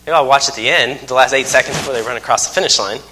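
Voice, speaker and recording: A man's voice: medium pitch, rapid-fire, pushed and bright, a little hiss or hum. Man preaching in a big reverberant hall. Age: 30s. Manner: folksy storytelling, self-mocking humor. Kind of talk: sermon.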